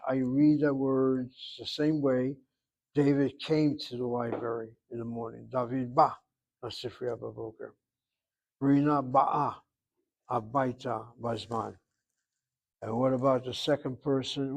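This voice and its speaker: Older guy teaching hebrew, slow and patient, repeats words, plain mid voice. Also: medium pitch, darkish tone. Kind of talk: explaining grammar in class.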